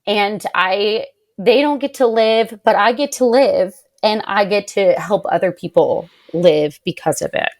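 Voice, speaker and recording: Animated young woman telling her story. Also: mid-range voice, unhurried. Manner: animated, heavy use of "like", quotes others in raised voice. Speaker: podcast guest, patient advocate. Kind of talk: emotional personal storytelling.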